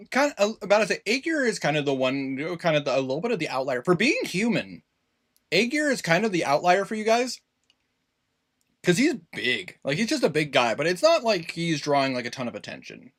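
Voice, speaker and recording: A man running a tabletop game as game master, narrating the scene in an animated way. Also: fairly high pitch, a little fast. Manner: animated, lively narration with put-on townsfolk voices.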